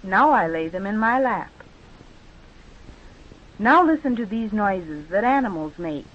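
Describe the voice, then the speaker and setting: Slow, patient woman leading children's exercises. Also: mid-range voice, expressive. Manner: slow, patient, drawn-out instructions. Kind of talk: guided movement and speech exercises for children. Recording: dull lo-fi recording.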